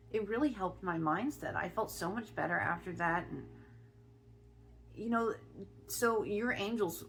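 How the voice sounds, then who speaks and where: A middle-aged woman from Ohio telling a personal story in a chatty vlog, often restarting her sentences and filling pauses. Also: fairly low pitch, a little hiss or hum. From Ohio, USA. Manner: chatty, with many restarts and fillers. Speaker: spiritual vlogger.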